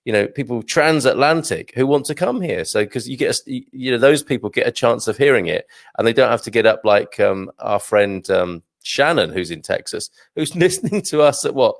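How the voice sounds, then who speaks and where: A man's voice: mid-range voice, expressive, normal speed, gravelly, no room sound, studio quality. A British man hosting a livestream, chatting casually and rambling as he reads out viewer comments, often chuckling at himself. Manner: rambling, chuckling, self-deprecating. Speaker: livestream host. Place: small studio.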